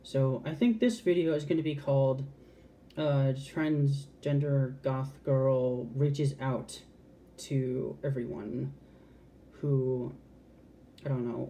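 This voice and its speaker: A woman's voice: very deep voice, warm tone, slight background noise. A trans woman talking frankly to camera in a casual, heartfelt vlog, swearing freely and restarting her sentences. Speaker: vlogger.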